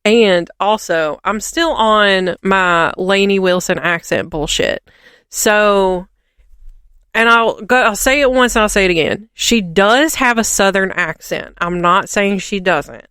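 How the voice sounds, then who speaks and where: Smooth-voiced woman ranting in casual chat. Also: medium pitch, slow, a bit bright, no echo, studio quality. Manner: rambling, ranting, frequent fillers. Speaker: podcast co-host.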